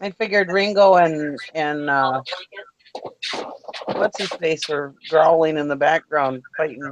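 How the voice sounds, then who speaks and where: A woman's voice: deep voice, a little slow, highs cut off. A woman chatting casually on a live show, laughing often between stories.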